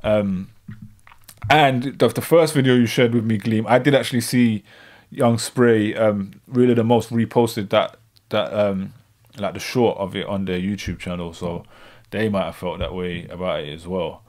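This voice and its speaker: A man's voice: fairly low pitch, steady tone, a little mellow. A man, giving a thoughtful live reaction commentary and often checking in with the viewers. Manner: thoughtful, measured, frequent "you know what I'm saying". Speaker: streamer reacting to clips.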